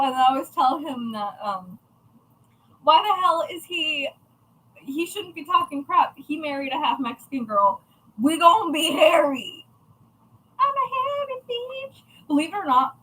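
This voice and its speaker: A woman livestreaming from her craft shop, swearing freely and poking fun at herself. Her voice sits high and swings wildly up and down, with a bright, sharp edge. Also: rough recording. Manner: chatty, profane, self-mocking. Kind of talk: casual livestream chat.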